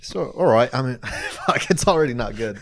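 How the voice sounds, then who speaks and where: A man's voice: mid-range voice, expressive, moderate pace, a little hiss or hum. A young man co-hosting a podcast, telling a story in casual chat, laughing and mocking himself. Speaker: podcast co-host.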